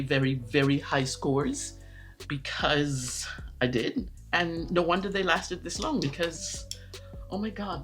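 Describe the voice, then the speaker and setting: A woman's voice: deep voice, a bit bright. A woman talking casually to camera about her pens and inks, chatty and rambling, often correcting herself. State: out of breath. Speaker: pen and ink vlogger.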